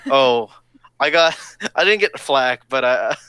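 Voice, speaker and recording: A man's voice: medium pitch, expressive, slow, bright, forceful tone, clean tone, no room sound. A man hosting a live stream chat, talking in a rambling, digressive, cheerfully provocative way. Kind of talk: casual chat.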